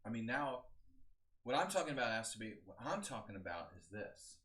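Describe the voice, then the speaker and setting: A man's voice: mid-range voice, very animated, a little fast, a bit bright. A man in his forties, a chess coach, giving a casual, rambling live-streamed analysis of games and chatting with his viewers. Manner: casual, rambling, talks to chat.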